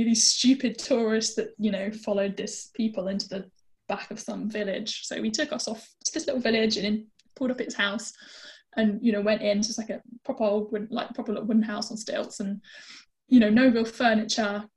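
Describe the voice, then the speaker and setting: A British woman telling a travel story as a guest, chatty and lively with lots of fillers. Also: fairly high pitch, brisk. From Britain. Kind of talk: casual storytelling chat.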